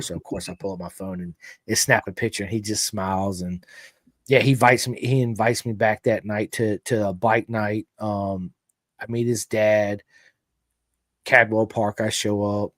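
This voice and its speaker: An American man hosting a podcast, telling stories in a loud, animated way and swearing freely. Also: on the low side, moderate pace, no room sound, studio quality. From United States. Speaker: podcast host. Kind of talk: casual storytelling chat.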